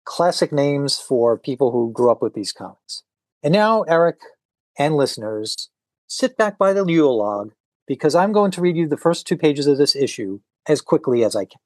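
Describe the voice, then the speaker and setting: Animated middle-aged man on a podcast. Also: fairly high pitch, normal speed, dry recording. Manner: animated, reads comics aloud with voices. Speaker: podcast guest. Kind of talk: casual chat.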